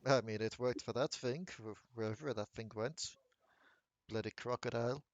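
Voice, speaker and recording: A stuffy ghost gentleman, as a man puts him on, clipped and disdainful in a mid-pitched voice. He sounds close and dry, with no room around him. He is a tabletop game character. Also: normal speed, no echo, muffled recording, natural voice. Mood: haughty. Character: posh stuffy male ghost gentleman, haughty.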